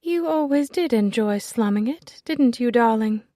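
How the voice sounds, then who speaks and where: A woman's voice: a little high, expressive, a little slow, warm tone, no room sound, clean studio sound, voice pushed up. A woman voicing a cold, catty young noblewoman with a light, delicate voice, sweetly spiteful. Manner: sweetly spiteful, smiling while cutting.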